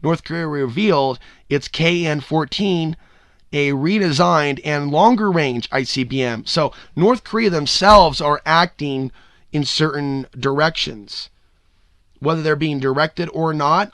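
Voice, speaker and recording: A man hosting his own solo podcast, talking loosely and ranting, swearing freely with sudden loud whoops. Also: a little high, unhurried, no room sound, clean studio sound. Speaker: podcast host.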